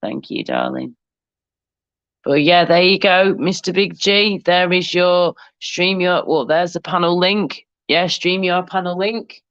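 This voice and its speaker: A woman's voice: lowish voice, a little slow, dry recording, muffled recording. A woman co-hosting a livestream in casual chat, teasing guests and calling everyone darling and love. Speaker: livestream co-host.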